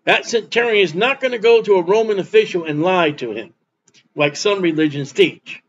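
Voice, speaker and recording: A man's voice: sits high, normal speed, lo-fi sound. A man preaching a sermon as pastor, emphatic and repeating his points for stress.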